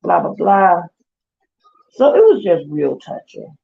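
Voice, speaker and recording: Gravelly-voiced woman telling a story. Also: fairly low pitch, takes it slowly, highs cut off. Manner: animated retelling with quoted voices. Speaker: vlogger. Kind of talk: casual storytelling chat.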